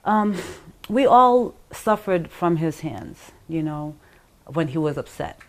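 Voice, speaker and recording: Middle-aged woman in an interview, lowish voice, halting, keeps stopping and restarting. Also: expressive. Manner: halting, acts out voices of others while telling. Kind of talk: emotional personal account.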